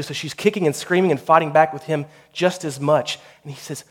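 A man's voice: medium pitch, fast talker, hardly any pauses. Man preaching a marriage sermon. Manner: storytelling with swells of intensity, then a quiet prayer. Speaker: pastor.

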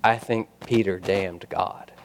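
A man's voice: sits low, steady tone, takes it slowly, a little hiss or hum. Man preaching with emphatic swings. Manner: rises to loud emphatic preaching, drops to quiet asides. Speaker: pastor. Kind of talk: sermon.

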